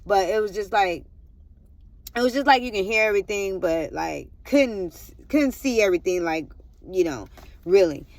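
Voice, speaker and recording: A woman's voice: mid-range voice, expressive, moderate pace, darkish tone, dry recording. Woman vlogger, rambling testimony storyteller who addresses the audience directly. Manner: rambling, repeats "I'm like", talks straight to viewers.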